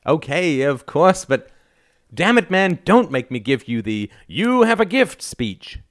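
A man's voice: a little high, sing-song, a little slow, no room sound, studio quality, pitched above the performer's own voice. A man doing Rudy, a brash wisecracking young man. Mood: teasing. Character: young man, irreverent sardonic friend.

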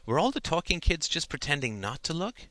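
Storybook teen girl, blunt and protective, bright high voice, man narrator doing it. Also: big pitch swings, brisk, no echo. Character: teenage schoolgirl, blunt and protective.

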